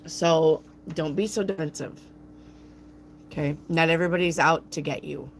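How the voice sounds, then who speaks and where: Gruff-voiced woman reading tarot live. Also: low-pitched, moderate pace, slight background noise. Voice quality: gruff, raspy voice. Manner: chatty and playful, addresses viewers by name. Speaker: tarot reader, channel host. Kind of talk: live-stream tarot reading, answering chat.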